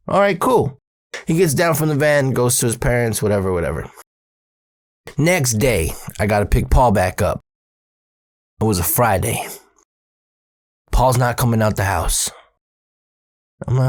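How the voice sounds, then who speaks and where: Profane, animated male storyteller. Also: mid-range voice, a little slow, long pauses, no echo, clean studio sound. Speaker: comedian telling a story. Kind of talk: comedic storytelling.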